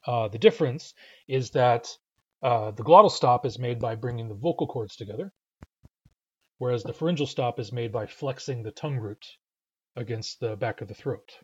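A man gives a patient, methodical pronunciation lesson, often pausing with filler sounds. His voice is a bit husky at a middling pitch. The recording sounds slightly dull and lo-fi. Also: a bit bright. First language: English. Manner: patient, explanatory, frequent uh fillers. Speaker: language teacher.

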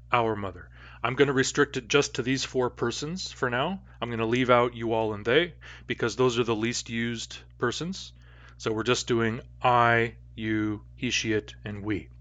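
A man teaching a language lesson to a class, patiently explaining grammar and repeating example phrases slowly. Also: medium pitch, bright, forceful tone, no echo, lo-fi sound.

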